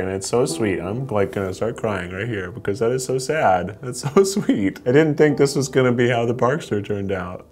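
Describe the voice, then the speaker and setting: A young man hosting, reacting playfully to dog posts with lots of laughs and getting emotional. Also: on the low side. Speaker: host judging dog posts. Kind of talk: casual reaction commentary.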